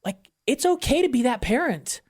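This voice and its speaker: A middle-aged man, a guest on an interview show, talking candidly and with feeling, with emphatic swings in pitch. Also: moderate pace. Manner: animated storyteller who acts out quoted voices. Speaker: podcast guest. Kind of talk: conversational interview.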